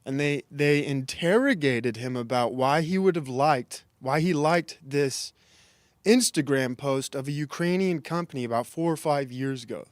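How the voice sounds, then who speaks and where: On his livestream, a young comedian with a high voice and moderate pace rambles on, reading the chat and cracking self-deprecating jokes. He restarts frequently and laughs a lot; there's no room sound.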